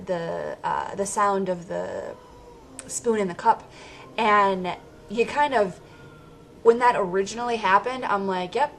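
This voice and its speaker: A woman's voice: mid-range voice, a little hiss or hum. A woman giving a casual, rambling movie review, interrupting herself and laughing often.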